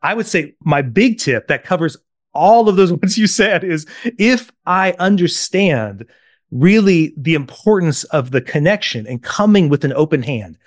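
A man with a fairly high voice, recorded dry and close, talks as a parenting coach in an interview. He tells anecdotes with animation, acts out the people in them and keeps checking in with his listener. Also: no echo. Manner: animated storyteller, acts out quotes, keeps asking "right?". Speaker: parenting coach, podcast guest.

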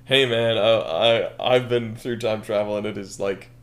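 A man's voice: lowish voice, steady tone, normal speed, natural voice. A man voicing an earnest, weary young male hero who speaks in a pleading, sincere way.

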